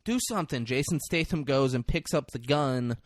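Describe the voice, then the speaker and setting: A man's voice: mid-range voice, normal speed, no room sound. Guy on a podcast recapping a movie, swears a lot, does the characters' lines, dry close mic. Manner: crude, animated retelling with acted-out quotes. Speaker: podcast co-host. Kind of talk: casual movie recap chat.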